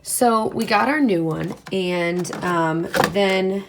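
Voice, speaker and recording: A woman's voice: medium pitch, takes it slowly, background noise. A tired young woman in her twenties chatting casually and rambling as she gets ready in a small room at home, laughing often between thoughts. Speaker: beauty vlogger. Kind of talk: casual vlog chat.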